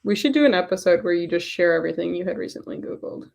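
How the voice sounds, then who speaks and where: A woman's voice: lowish voice, animated, fast, gravelly, darkish tone. Chatty self-deprecating woman host. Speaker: podcast host. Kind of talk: casual chat. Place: at home doing dishes.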